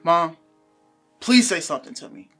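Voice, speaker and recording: A man's voice: fairly high pitch, sing-song, normal speed, pushed and bright, soft background music, heavily acted. An actor playing a troubled young man who pleads with his mother and lashes out at a friend. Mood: pleading. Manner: pleading, then angry and accusing. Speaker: adult son.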